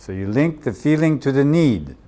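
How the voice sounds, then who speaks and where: A man's voice: mid-range voice, lively intonation, moderate pace, warm tone. A Norwegian man leading a coaching workshop, speaking unhurriedly in English as a second language and repeating key phrases for emphasis. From Norway. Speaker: workshop leader. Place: community workshop room.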